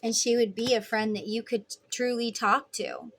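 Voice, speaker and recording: A woman's voice: fairly high pitch, steady tone, normal speed, a bit bright. A woman giving a rambling, chatty tarot reading who acts out imagined lines for the people in it. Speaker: tarot reader. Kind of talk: casual tarot reading monologue.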